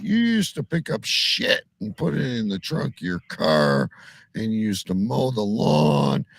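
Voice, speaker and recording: Gravelly, animated man hosting. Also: fairly low pitch, no echo. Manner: profane, teasing, animated. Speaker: host. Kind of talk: casual banter on a live show.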